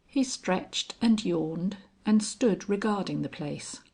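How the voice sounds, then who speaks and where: Woman, audiobook narrator, husky voice, lowish pitch, steady measured reading. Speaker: audiobook reader. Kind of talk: scripted narration.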